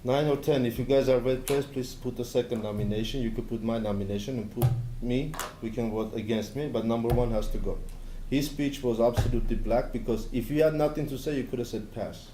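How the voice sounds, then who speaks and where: A man's voice: medium pitch, brisk, hardly any pauses. A man arguing pushily as a player at a tournament game. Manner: pushy, argumentative. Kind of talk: game table speech. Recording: echoey noisy room.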